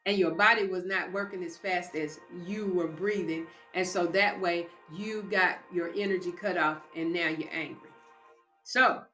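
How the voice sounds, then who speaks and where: A woman's voice: on the low side, sharp tone, echoey room. A woman giving a live motivational talk, speaking emphatically and like a preacher straight to her listeners.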